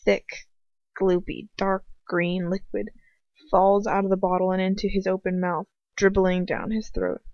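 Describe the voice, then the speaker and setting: A woman's voice: mid-range voice, level tone, a little slow, no echo. Woman reading a story aloud, dull lo-fi sound. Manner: earnest, with occasional slips and restarts. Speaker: audiobook reader. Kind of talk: first-person fan fiction narration. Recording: dull lo-fi home recording.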